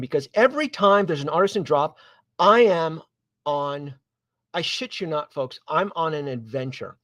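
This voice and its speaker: A man whose voice sits on the high side speaks at a moderate pace while hosting a collectibles live stream. His long story wanders casually, animated and digressive, with many restarts and asides to viewers, in a dry recording.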